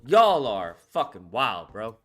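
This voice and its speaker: A mid-pitched man speaks slowly but very animatedly, his tone a bit bright, with soft music in the background. He hosts a call-in commentary stream, ranting bluntly and swearing heavily in exasperated, casual political talk.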